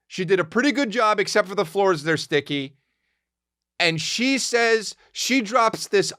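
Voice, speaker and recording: Animated, swearing comedian telling a story. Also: male voice, high voice, moderate pace, no echo, clean studio sound. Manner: animated, profane, exaggerated. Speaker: podcast host.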